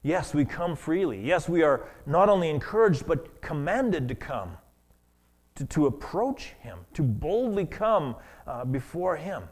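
A man preaching a sermon as pastor, earnest and halting, often restarting his words. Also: fairly high pitch, big pitch swings, a little mellow.

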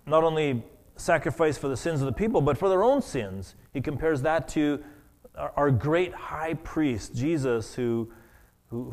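A man preaching a sermon as pastor, earnest and halting, often restarting his words. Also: medium pitch, darkish tone.

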